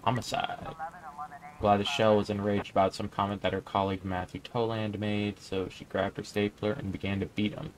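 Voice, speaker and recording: Young man, low voice, casual gaming commentary, reads game text aloud, slight background noise. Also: level tone, normal speed. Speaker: gaming YouTuber. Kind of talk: let's play commentary.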